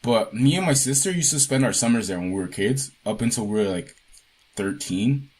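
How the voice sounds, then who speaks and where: A man's voice: medium pitch, animated, fairly quick, a little mellow, slightly rough. A man co-hosting a podcast, telling a childhood story in a casual, profane, laid-back way. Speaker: podcast co-host.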